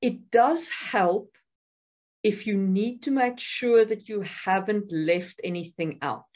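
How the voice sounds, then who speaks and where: A woman co-hosting a podcast, chatting casually and briskly, often chiming in with agreement. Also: medium pitch, darkish tone. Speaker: podcast co-host. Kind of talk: casual chat.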